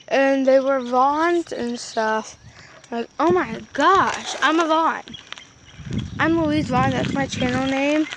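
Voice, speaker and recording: High-voiced rambling woman outdoors. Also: a bit bright, a little hiss or hum. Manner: rambling, filler-heavy, says "flippin'" and "effing" instead of swearing. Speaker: vlogger. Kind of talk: casual rambling storytelling to camera.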